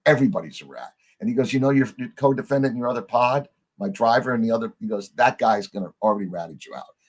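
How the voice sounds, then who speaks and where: A middle-aged man appearing as a podcast guest talks fast in a mid-range voice. He tells a story in a lively way, acting out the quoted lines of the people in it and swearing casually.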